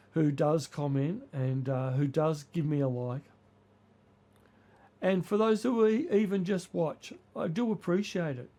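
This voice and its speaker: Older man, hoarse and creaky, chatty with fillers, slightly high voice. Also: warm tone. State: hoarse from flu. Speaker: model railway channel host. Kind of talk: casual hobby vlog.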